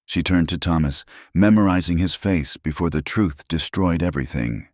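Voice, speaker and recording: A man's voice: low voice, moderate pace, few pauses, darkish tone, no echo, studio quality. A man giving scripted, dramatic narration of a Western story.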